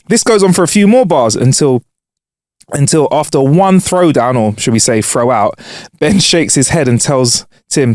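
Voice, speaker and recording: A man's voice: medium pitch, expressive, unhurried, a little mellow, no echo, clean studio sound. A man co-hosting a casual comedy podcast, reading jokes and headlines aloud and laughing often. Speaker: podcast co-host.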